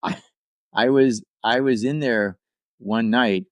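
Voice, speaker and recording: A man's voice: medium pitch, slow pace, dry recording. An older man, a podcast guest and actor-writer, telling a rambling anecdote casually, with asides and restarts. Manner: acts out quoted people in livelier voices.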